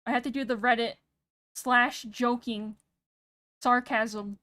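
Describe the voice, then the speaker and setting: A young woman streaming casual chat, soft-spoken and a bit monotone, rambling and pausing every few words while she thinks. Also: fairly high pitch, no room sound. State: sick. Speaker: VTuber streamer. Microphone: streaming mic with noise gate.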